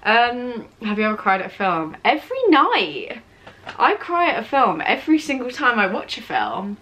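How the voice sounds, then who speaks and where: A woman's voice: a little high, sing-song, moderate pace, pushed and bright. A teenage girl with an English accent, chatting through a casual Q&A vlog, giggly and rambling as she goes off topic. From England. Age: teens. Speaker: vlogger. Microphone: camera mic with ring light setup.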